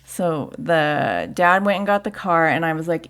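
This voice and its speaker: A woman with a fairly low voice telling a story in a casual chat. She is animated, acts out what people said, and swears freely. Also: a little slow. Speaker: podcast guest host, sports mom; nurse.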